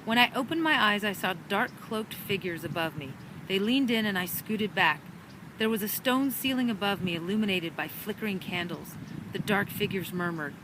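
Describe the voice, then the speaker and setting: A woman reading a children's storybook chapter aloud with an animated, dramatic delivery, recorded outdoors in a park. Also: mid-range voice, moderate pace. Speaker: storybook reader. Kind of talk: expressive storybook narration. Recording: outdoor park with traffic noise.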